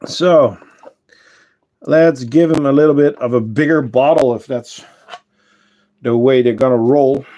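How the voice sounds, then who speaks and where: A man hosting a casual livestream, chatting with viewers and answering their comments, unhurried and full of fillers and self-corrections. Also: mid-range voice, dark tone. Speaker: ant-keeping channel host and shop owner.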